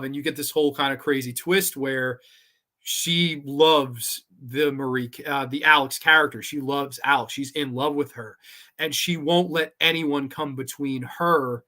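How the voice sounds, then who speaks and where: A man's voice: medium pitch, normal speed, pushed and bright. A man hosting a live horror movie show, talking casually and enthusiastically with loose rambling phrasing and frequent swearing.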